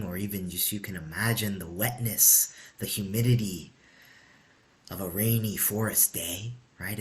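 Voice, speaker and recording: Low-voiced guy guiding a meditation, soft and casual, lots of "you know", drops to a whisper sometimes. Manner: soft-spoken, slow, drifting into whispers; conversational, says "you know" and "right?". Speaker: meditation leader. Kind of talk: guided meditation talk.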